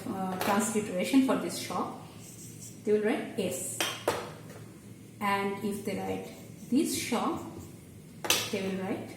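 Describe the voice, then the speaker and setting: Working at a board, a woman who teaches Bengali walks through her explanation patiently, step by step, sometimes restarting haltingly. She has a medium pitch. The room echoes, she sits far from the mic, and background noise and faint ambience are audible.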